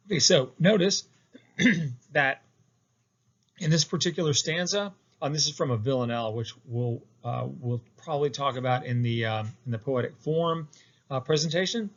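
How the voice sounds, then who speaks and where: A man's voice: medium pitch, normal speed. Muffled man explaining poetry meter. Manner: explanatory, many fillers and restarts. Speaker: poetry instructor. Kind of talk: recorded lecture with slides. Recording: muffled lo-fi lecture recording.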